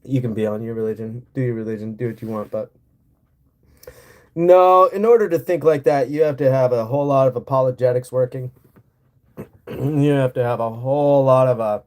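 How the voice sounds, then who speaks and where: A man's voice: medium pitch, normal speed, a little mellow. A man from Montana chatting with his livestream audience in a casual, profane and sarcastic rant. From Montana, USA. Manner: profane, blunt, sarcastic ranting. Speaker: streamer answering chat. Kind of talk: casual ranting livestream chat.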